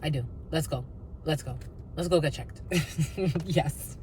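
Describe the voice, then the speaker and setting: Woman, tarot reader, casual monologue, profane and sing-song, lowish voice, faint traffic noise. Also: slow pace, dark tone, poor audio. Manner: blunt, profane, sing-song asides and mocking put-on voices.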